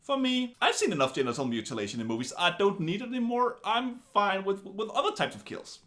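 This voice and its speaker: A man giving a casual film review in an animated, wry way, full of chatty asides. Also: high voice, a little fast.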